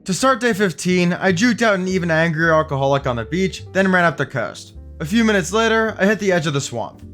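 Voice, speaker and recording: A young man narrating his survival game run and reacting excitedly and sarcastically, swearing often. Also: high voice, brisk, faint music behind. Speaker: gaming video creator. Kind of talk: game commentary with scripted narration.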